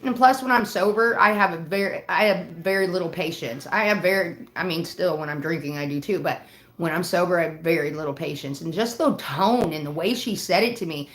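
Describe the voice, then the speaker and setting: A woman's voice: on the low side, brisk. A woman livestreaming, telling a heated story in casual, profane bursts. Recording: roomy echo.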